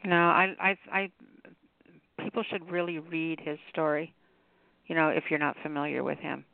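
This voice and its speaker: Gravelly man on a tinny phone line. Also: fairly high pitch, level tone, moderate pace, no room sound. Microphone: phone call.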